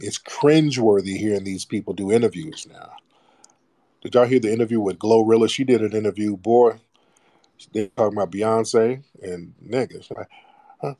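A male call-in show host with a lowish, dark and mellow voice. He delivers a blunt, profane, preachy monologue in a loose conversational way. The sound is dry and close. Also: normal speed, no echo.

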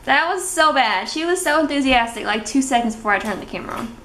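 A woman's voice: sits high, animated, fast, fairly bright tone, a little hiss or hum. A young adult woman chatting casually to her camera, giggling as she talks. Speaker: vlogger. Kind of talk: casual vlog.

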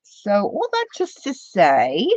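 A woman's voice: mid-range voice, huge pitch swings, slow, a little mellow. A middle-aged woman chats and rambles at home while crafting, calling out to viewers by name. Her voice is dry, with no room echo, and the recording sounds dull and lo-fi. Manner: chatty, rambling storyteller, talks to viewers by name. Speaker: craft channel host. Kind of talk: casual livestream chat while crafting.

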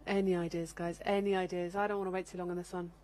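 A woman presenting a phone-in quiz show on TV, chatty, teasing and quick to giggle, talking straight to the viewers at home. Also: lowish voice, level tone, a little mellow, slight background noise. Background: background music.

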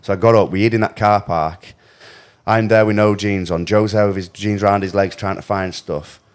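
A man, a podcast host telling animated stories in casual chat, swearing and laughing as he goes. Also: on the low side, moderate pace.

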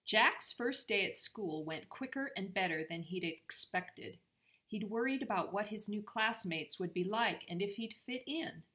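An older grandmother reading a chapter book aloud to her grandchildren. She reads steadily and clearly. Her voice is bright and ringing. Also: mid-range voice, expressive, measured pace.

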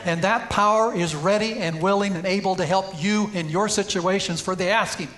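A man's voice: high-pitched, normal speed, fairly bright tone. A man preaching a sermon in a church, telling a story and rising to emphatic peaks. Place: church sanctuary.

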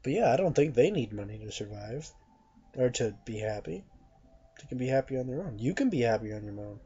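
A man's voice: mid-range voice, expressive, a little fast, dark tone, slightly rough. A young man delivering a blunt, profane, mocking rant to camera as a vlogger. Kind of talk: ranting monologue to camera. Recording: dull lo-fi recording.

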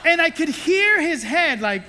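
Bright animated preacher in a hall. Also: extremely high pitch, unhurried, slight background noise. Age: adult with children. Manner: animated storytelling that acts out the voices of the people in the story; playful asides. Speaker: pastor. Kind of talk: sermon. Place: church sanctuary.

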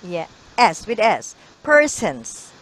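A woman's voice: a little high, very animated, unhurried, low-quality recording. A woman teaching an English lesson over a video call, encouraging and correcting pronunciation.

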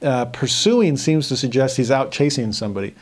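A middle-aged man teaching a scripture study lesson, playful and animated, acting out sarcastic lines as he explains. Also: mid-range voice, a little fast.

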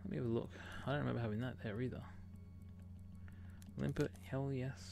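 An Australian livestreamer gives casual live commentary during a shooter game, greeting chat viewers by name and tossing out "mate" often. He talks a little fast at medium pitch with fairly even intonation. A crowd can be heard in the background, along with clear game gunfire and explosions.

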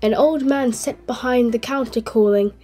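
A woman hosting a channel and reading a children's story aloud in a gentle, clear way. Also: a little high, normal speed. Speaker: host and storyteller.

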